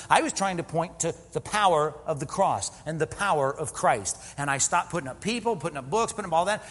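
A man's voice: fairly high pitch, a bit bright, big-room sound. A man preaching a sermon as a pastor, conversational and joking, full of rhetorical questions. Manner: conversational, self-deprecating humor with rhetorical questions.

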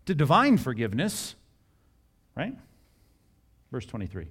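Male pastor, sermon, middle-aged, conversational, joking asides, lively swooping voice. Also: medium pitch, moderate pace, pauses often, husky. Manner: animated, conversational preaching with asides and jokes; acts out scripture dialogue in varied voices.

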